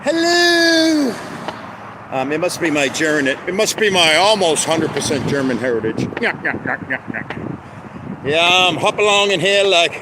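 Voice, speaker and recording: A man's voice: fairly high pitch, expressive, brisk, hardly any pauses. Chatty man streaming from a roadside. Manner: chatty, jokey, greets viewers by name, sings snatches of songs. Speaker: livestream host. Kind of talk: rambling live-stream chat. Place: outdoors by a road with passing traffic. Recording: outdoor phone recording with clear traffic noise. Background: street and car noise.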